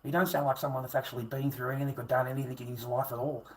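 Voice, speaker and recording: A man's voice: medium pitch, level tone, racing, low-quality recording. A middle-aged man ranting crudely on a livestream, swearing constantly and taunting viewers. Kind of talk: profane livestream rant.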